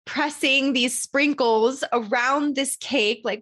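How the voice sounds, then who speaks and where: A woman with a slightly high voice chats to her listeners in a loose, personal storytelling manner. She sounds animated and candid and pokes fun at herself. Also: normal speed. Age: adult parent. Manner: candid, animated, self-deprecating. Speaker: podcast host.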